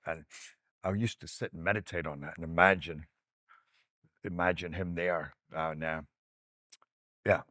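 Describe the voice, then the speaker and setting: A man, an actor, casually reminiscing about his films in an animated, digressive storytelling manner. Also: low-pitched, unhurried, pauses often, no echo, clean studio sound.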